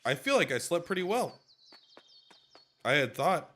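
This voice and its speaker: A man's voice: on the high side, very animated, unhurried, fairly bright tone. A tired man streaming a game, chatting casually and jokingly as he plays and yawns. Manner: rambling, jokey, reads game lines aloud. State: tired, yawning. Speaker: gaming streamer. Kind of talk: casual let's-play commentary.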